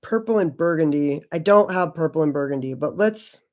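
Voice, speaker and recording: A low, expressive female voice at normal speed comes from a beauty channel host in her forties. She swears plenty and chats loosely with viewers during her casual makeup stream, and there's background noise.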